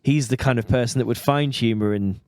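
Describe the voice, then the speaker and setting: A man co-hosting a podcast in casual chat, cynical and sweary, with quick asides. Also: mid-range voice, darkish tone. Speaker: podcast co-host.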